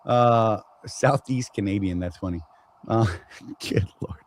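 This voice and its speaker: A man's voice: on the low side, takes it slowly, dry recording, rough recording. Joking Southern man hosting a live chat. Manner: joking, rambling, teasing. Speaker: show host. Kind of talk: casual live-stream chat.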